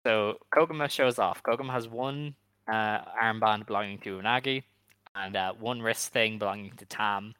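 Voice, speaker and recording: A man's voice: lowish voice, fairly even intonation, moderate pace, pushed and bright, clear, resonant tone, no room sound, rough recording. A man co-hosting a podcast in rambling casual chat, hesitant and full of filler words. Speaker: podcast co-host.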